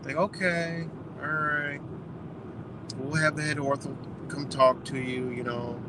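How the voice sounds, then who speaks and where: Young guy, casual storyteller, slightly high voice, swears freely, outdoors with traffic noise. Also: level tone. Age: young adult. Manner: retells doctors' talk in quick quoted exchanges, swears freely. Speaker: vlogger.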